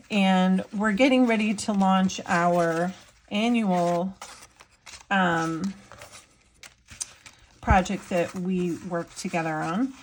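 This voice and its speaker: A woman's voice: mid-range voice, a little hiss or hum. A woman in her thirties, an artist chatting casually in her vlog, bubbly and gushing with lots of fillers as she shows her work. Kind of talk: casual chat while showing items.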